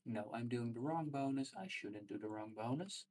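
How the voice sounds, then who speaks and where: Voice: mid-range voice, normal speed, a little mellow. A game master narrating a tabletop game, hesitant with frequent fillers.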